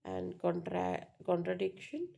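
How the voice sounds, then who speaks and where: A woman lecturing on English phonetics at an unhurried pace. Her voice is gravelly and mellow. She explains step by step, often pausing to ask "right?". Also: on the low side, lively intonation. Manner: explanatory, frequent "right?" checks and fillers. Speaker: teacher.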